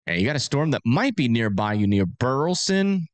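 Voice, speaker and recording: A man hosting a casual storm-forecast livestream. He talks in a rambling, filler-heavy way, and his pitch moves a lot. The sound is close and dry, with no room echo. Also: very animated, normal speed.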